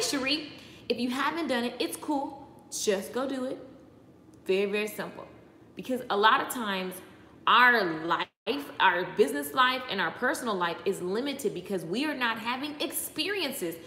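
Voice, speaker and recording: A woman gives a loose, rambling motivational pep talk, calling out to viewers by name as she goes. Her voice is bright and sits a little high. The room is echoey with a lingering reverb, and faint noise hums underneath. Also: expressive, normal speed. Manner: chatty, greets viewers by name, rambling asides. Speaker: motivational speaker. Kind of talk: casual live-stream pep talk.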